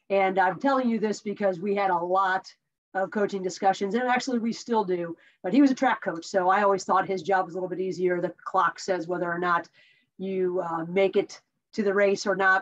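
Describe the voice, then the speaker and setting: A woman giving a conversational coaching tip as a mindset coach, telling stories and asking rhetorical questions. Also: mid-range voice. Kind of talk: talking-head coaching tip. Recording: dull lo-fi recording.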